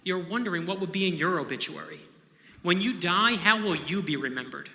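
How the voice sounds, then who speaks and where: Man, novelist giving a talk, very bright voice, emphatic storytelling, reverberant auditorium. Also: sits high, brisk. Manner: conversational, emphatic, checks in with "right?". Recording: echoey hall with long reverb.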